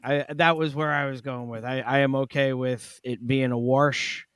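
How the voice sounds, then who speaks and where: A man's voice: medium pitch, fairly even intonation, moderate pace, fairly bright tone, clear, resonant tone, no echo, studio quality. A man co-hosting a casual podcast game with a Boston accent who laughs often and drifts into funny voices. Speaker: podcast co-host.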